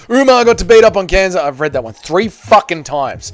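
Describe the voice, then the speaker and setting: A young New man chats on a casual livestream, reading comments aloud and answering them. He talks quickly and rambles, throws in plenty of "like" and the odd swear, in a voice pitched slightly high. Soft music plays faintly under him. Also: big pitch swings. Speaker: MMA livestreamer.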